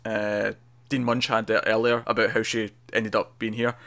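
A man's voice: fairly low pitch, flat delivery, moderate pace, gravelly, fairly bright tone. A man co-hosting a TV review podcast, animatedly retelling scenes and laughing often in casual chat.

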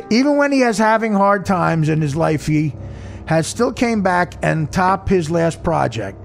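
Male host, high and gravelly, teasing, stumbles when reading aloud. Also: animated, soft background music. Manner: teasing, reads aloud haltingly. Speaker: podcast host. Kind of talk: casual chat.

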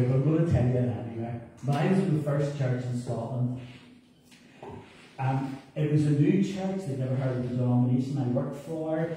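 A middle-aged man with a Northern Irish accent, a pastor telling humorous family stories in a sermon. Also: medium pitch. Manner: warm anecdotal, humorous asides. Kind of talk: storytelling sermon. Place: church hall. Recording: echoey church from far off, faint noise.

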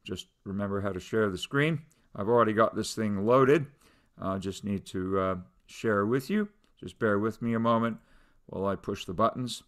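A man's voice: on the low side, normal speed. A middle-aged man, a philosophy professor, lecturing over a video call in a conversational way with many fillers and restarts. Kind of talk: online lecture.

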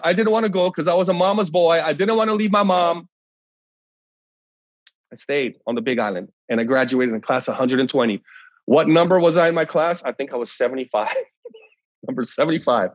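A middle-aged man from Hawaii, a pastor, tells a story to a gathering, acting out each exchange with sharp jumps in pitch. His voice sits a little high for a man. The sound is dry and a bit muffled. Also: no room sound. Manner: animated storyteller acting out dialogue. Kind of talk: storytelling leadership talk.

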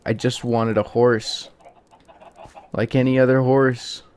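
A man's voice: medium pitch, level tone, takes it slowly, darkish tone, slight background noise. Exasperated man pleading at a game. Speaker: gaming youtuber. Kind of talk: let's play commentary.

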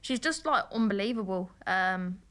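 A woman's voice: medium pitch, expressive, moderate pace, fairly bright tone. A woman with a Birmingham accent, a former player who now works as a football pundit, earnestly telling a story as a guest on a podcast. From Birmingham, England. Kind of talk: casual chat, storytelling.

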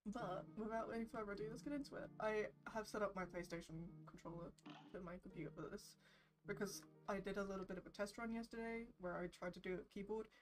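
A woman streaming a video game, chatting casually, gushing excitedly and swearing now and then. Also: mid-range voice, fast talker. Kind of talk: casual gameplay stream chat. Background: game music.

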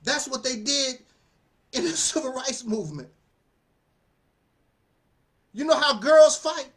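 A man giving casual spoken commentary as a channel host, animated and preachy, often laughing and repeating phrases. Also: extremely high pitch, slow pace.

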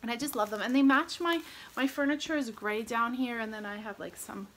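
A woman showing off her shopping finds at home in a gushing, chatty way, now and then dropping to a soft whisper. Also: fairly high pitch, brisk. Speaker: vlogger. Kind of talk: casual haul chat.

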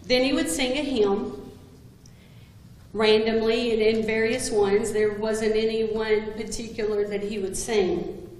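A woman's voice: fairly high pitch, fairly even intonation, unhurried, a little mellow. Woman giving a eulogy in an echoey hall. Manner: humorous, anecdotal storytelling. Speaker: eulogy speaker, longtime coworker. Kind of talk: eulogy speech. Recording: very echoey hall with long reverb.

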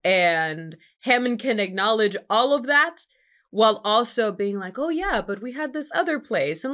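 Animated woman reacting to a film. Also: on the high side, unhurried. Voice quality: animated, expressive, swears freely. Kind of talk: casual reaction commentary.

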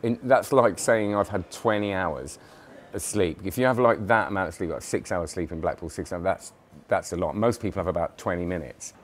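A man's voice: deep voice, fairly quick. A tired man chatting casually in a vlog about magic products, rambling and enthusiastic with lots of fillers and restarts. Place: magic convention hotel.

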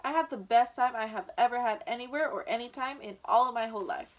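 A woman's voice: a little high, fast talker, lightly acted. A woman reading aloud who voices an eager, happy young girl. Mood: excited. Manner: eager, excited.

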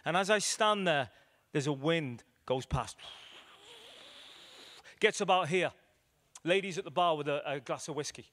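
A male evangelist preaching a sermon, telling stories with acted quotes and swinging between loud declarations and hushed moments. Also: high voice, normal speed. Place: church hall.

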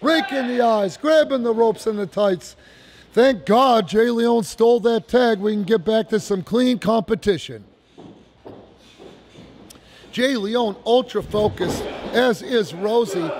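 A man giving excited, folksy play-by-play commentary on a wrestling match, repeating phrases for emphasis. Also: sits high, slow. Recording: noisy live recording.

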